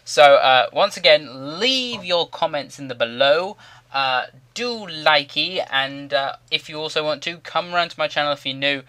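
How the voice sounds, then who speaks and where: A man's voice: fairly high pitch, expressive, moderate pace, few pauses, pushed and bright, smooth. A man giving rambling, jokey commentary over a video game. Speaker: gaming commentator.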